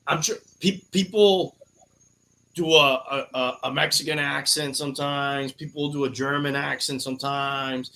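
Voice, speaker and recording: A man's voice: medium pitch, steady tone, normal speed, creaky, pushed and bright. A man hosting a podcast in casual chat, with loose, profane banter and lots of fillers. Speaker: podcast host.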